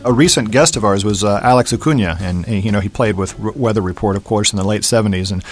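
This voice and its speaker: A man's voice: lowish voice, fast, soft background music. A male radio host interviewing a guest, hesitant, with many "uh"s.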